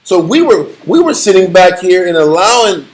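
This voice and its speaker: Animated high-voiced man teaching scripture. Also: normal speed, low-quality recording. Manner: animated storytelling, slangy, laughs often. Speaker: bible study teacher.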